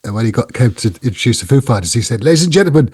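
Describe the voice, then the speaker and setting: Husky, rambling male co-host, dry close sound. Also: fairly low pitch, darkish tone, dry recording. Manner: rambling, halting, many fillers and restarts. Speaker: podcast co-host. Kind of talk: casual chat.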